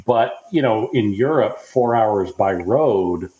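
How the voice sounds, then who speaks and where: A man's voice: lowish voice, lively intonation, slow, dark tone, echoey room, rough recording. An American man with a Southern accent chatting on a podcast, rambling with many fillers. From United States. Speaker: podcast co-host. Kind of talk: casual podcast chat.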